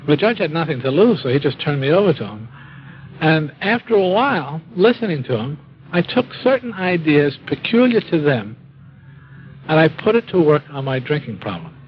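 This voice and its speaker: A man's voice: on the high side, big pitch swings, normal speed, muffled recording. A man telling his own drinking story in a folksy, wry way, acting out what people said. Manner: wry, self-mocking humor; folksy, acts out quoted speech. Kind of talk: storytelling talk.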